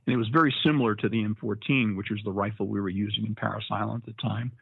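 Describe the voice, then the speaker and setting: Brief: husky older man, folksy storyteller, dry and thin-sounding line. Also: on the low side, steady tone, racing, dry recording. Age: 70s. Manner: folksy, laughs at his own stories. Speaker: Marine veteran guest. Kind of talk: casual storytelling interview. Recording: dry, tinny phone-like line.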